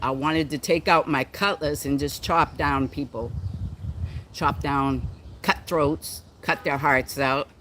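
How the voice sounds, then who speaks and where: A man from the United States hosting a casual livestream chat, reading viewer comments slowly and halting often, with a playful, theatrical, diva-like manner. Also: on the high side, steady tone, pushed and bright, slight background noise. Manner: slow and halting when reading comments, many ums. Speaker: livestream host.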